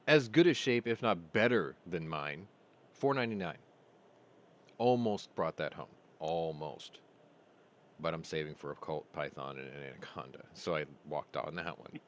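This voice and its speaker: A man's voice: low voice, normal speed, a bit bright. A man hosting a casual stream, rambling through stories and laughing at his own jokes. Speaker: host. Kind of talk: casual live-stream chat.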